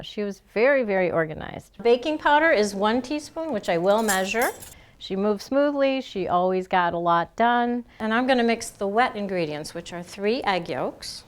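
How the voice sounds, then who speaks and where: A middle-aged woman from Buffalo, a cookbook author, chatting while she cooks and recalls family meals. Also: medium pitch. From Buffalo, New York. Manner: warm reminiscing, laughs often. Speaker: cookbook author and home cook. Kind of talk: cooking demonstration and interview. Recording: with music behind.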